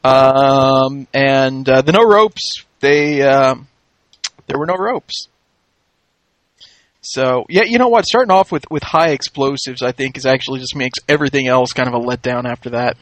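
A man's voice: medium pitch, moderate pace, dry recording. A man hosting a casual podcast chat, wry and joking, often laughing. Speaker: podcast host recapping a wrestling show.

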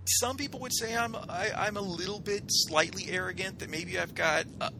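A man's voice: high voice, normal speed, gravelly, background noise. A man co-hosting a podcast in casual chat, mock-boastful and theatrical as he jokes with his friends. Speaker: podcast co-host.

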